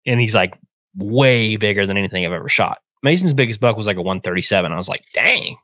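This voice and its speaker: A young man casually retelling a hunting trip, animated and acting out the voices in a phone call. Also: on the low side, fast, no room sound. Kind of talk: casual storytelling.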